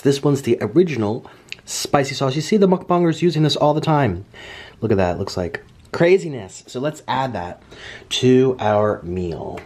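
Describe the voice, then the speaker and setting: A man hosting a chatty eating vlog at home, talking in a theatrical sing-song way that swings from loud bursts to mumbles. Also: mid-range voice, animated, normal speed, a little hiss or hum. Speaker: mukbang host.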